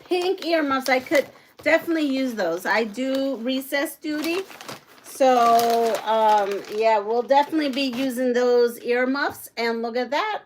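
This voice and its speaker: Brief: middle-aged woman, livestream host, bubbly and chatty, bright and fairly high voice. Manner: chatty, excitable, reads viewer comments aloud. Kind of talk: casual live chat while unboxing.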